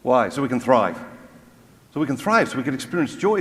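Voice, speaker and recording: Speaking to a crowd with long hall reverb around him, this Australian man delivers a funny, motivational Catholic talk full of mockery and rhetorical questions. His mid-range voice swings widely in pitch, moves fairly quickly, and sounds slightly bright.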